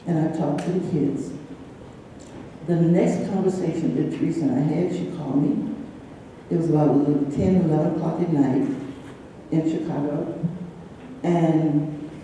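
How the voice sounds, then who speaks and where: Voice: mid-range voice, mellow, slight background noise. A person in their sixties giving a personal eulogy for a close friend, telling stories in a shaky, emotional voice at a church memorial service. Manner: shaky, emotional, chatty storyteller. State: trembling with emotion. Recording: echoey church hall from far off.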